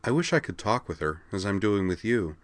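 A fairly low-pitched man reads quickly, with big swings in pitch, in a dry recording. He is voicing an audiobook character: a prim adult woman school counselor who is polite and formal, probes with questions, and flusters easily.

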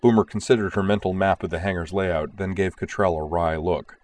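A man narrating a story in a steady, measured audiobook reading. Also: sits low.

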